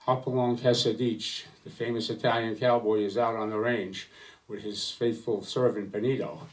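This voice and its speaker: A male stand-up comedian tells jokes in a low voice, stumbling through fillers between punchlines. He sounds a bit distant from the microphone. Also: level tone. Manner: halting, filler-heavy delivery. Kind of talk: stand-up joke telling. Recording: voice slightly distant from mic.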